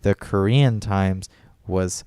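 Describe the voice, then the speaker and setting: Rambling, profane man with a low, smooth voice. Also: slow pace, dark tone, dry recording, studio quality. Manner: rambling, profane, many fillers and restarts. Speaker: podcast co-host. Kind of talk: casual chat.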